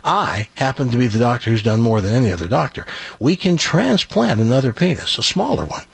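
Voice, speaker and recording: A man's voice: mid-range voice, very animated, a little fast, vocal fry, husky, no room sound, exaggerated voice. A man voicing a confident male specialist doctor in a radio joke. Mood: assured.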